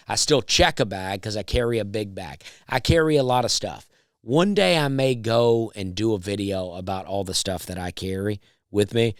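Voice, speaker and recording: A man, a stand-up comedian, telling a drawling, deadpan comedy story. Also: fairly low pitch, no echo, clean studio sound.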